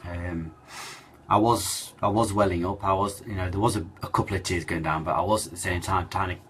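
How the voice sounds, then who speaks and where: A man telling a personal story in a halting, emotional way, with many fillers and restarts. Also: sits low, a bit bright, a little hiss or hum. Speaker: cancer survivor telling his story.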